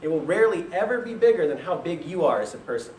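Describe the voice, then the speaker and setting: Animated man in an echoey room. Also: on the high side, fast, slight background noise. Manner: animated, laughs often, quotes people in voices. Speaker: speaker telling his business story. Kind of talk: casual storytelling. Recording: roomy echo from a distant mic.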